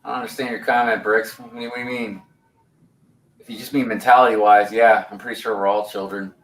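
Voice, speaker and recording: A man's voice: lowish voice, level tone, fast, fairly bright tone, roomy sound, recorded from a distance, a little hiss or hum, poor audio. A man in his forties hosting a casual livestream, rambling in a laid-back way, laughing easily and reading chat comments aloud. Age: 40s. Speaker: host of a building livestream.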